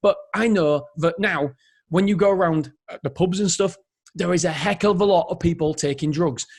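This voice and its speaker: A man's voice: sits high, moderate pace, husky. A man in his thirties hosting a solo motivational podcast, talking with energy and rambling, often stopping to correct himself. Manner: energetic, rambling, self-interrupting. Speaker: podcast host.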